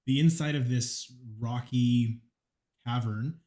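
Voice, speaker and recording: A man's voice: mid-range voice, slow pace, dark tone. A man narrating as game master in a tabletop game, casual and hesitant with many ums.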